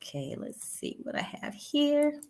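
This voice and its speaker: A woman leading a Bible study, reading verses aloud and explaining them in a conversational, animated way. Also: high voice, a little slow. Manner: animated, conversational, laughs lightly, paraphrases verses in everyday speech.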